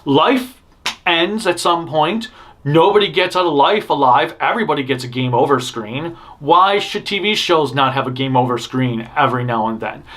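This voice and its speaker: In casual news commentary for fans, a man offers blunt opinions in a rambling way, frequently interrupting himself and starting over. He speaks at a moderate pace in a fairly high, fairly bright voice.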